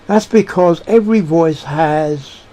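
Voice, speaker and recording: A man giving a reflective monologue, halting and searching for words with frequent restarts. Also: a little high, dark tone. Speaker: speaker sharing personal beliefs.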